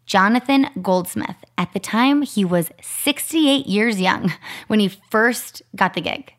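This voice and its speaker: A woman in her thirties co-hosts a podcast, telling a story in a chatty, casual way packed with "like." Her medium-pitched voice is expressive and her pace measured.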